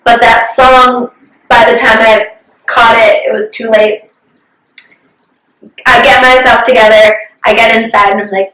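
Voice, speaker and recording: A woman's voice: on the high side, flat delivery, moderate pace, fairly bright tone, roomy sound, distant mic, rough recording. A young woman co-hosting a podcast, chatting candidly, swearing freely and acting out what others said. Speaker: podcast co-host. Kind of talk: casual chat.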